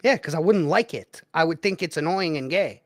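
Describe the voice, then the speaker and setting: Male co-host, high voice that leaps around, brash and profane. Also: a little fast, dry recording, studio quality. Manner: animated, profane, calls others bro. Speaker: podcast co-host. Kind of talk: casual podcast chat.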